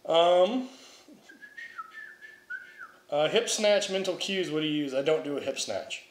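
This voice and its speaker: A young man answering viewer questions about Highland Games throwing and training in a blunt, offhand way with casual swearing. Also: expressive, a little slow, roomy sound, slight background noise. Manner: blunt, profane, offhand, reads questions aloud then answers. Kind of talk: casual Q&A vlog.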